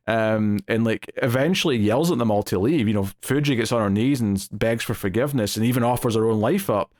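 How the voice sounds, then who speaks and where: A man's voice: fairly low pitch, a little fast, a little mellow, no echo, studio quality. A man giving a casual spoken review of a TV episode, retelling scenes with acted-out quotes and lots of fillers.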